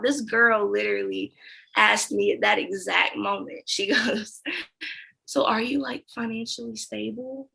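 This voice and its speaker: A woman's voice: a little high, vocal fry, low-quality recording. A young woman interviewee, a former sales account manager, telling her story candidly and acting out the dialogue. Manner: animated storytelling that acts out quoted dialogue.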